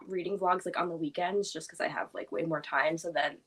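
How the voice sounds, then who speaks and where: A woman's voice: lowish voice, fairly even intonation, a little fast, a bit bright, husky. A young woman guest on a reading livestream, rambling casually with lots of fillers. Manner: chatty, rambling with many fillers. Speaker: guest book vlogger. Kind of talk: casual chat.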